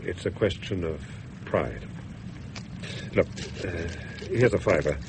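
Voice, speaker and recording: An actor playing a reserved middle-aged father, dry and measured, in 1950s radio drama style. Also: low-pitched, animated, background noise.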